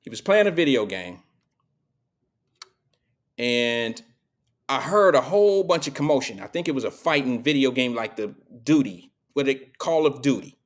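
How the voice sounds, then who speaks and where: A man's voice: mid-range voice, expressive, normal speed, long pauses. A middle-aged man hosting a live show, telling stories and preaching in a casual, slangy monologue to his audience.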